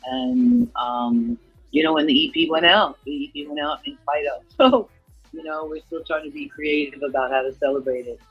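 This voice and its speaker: A woman's voice: low voice, fairly even intonation, normal speed, husky, faint music behind. A woman guest, a reggae singer, chatting casually in an interview and rambling with frequent "you know" fillers. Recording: dull lo-fi audio.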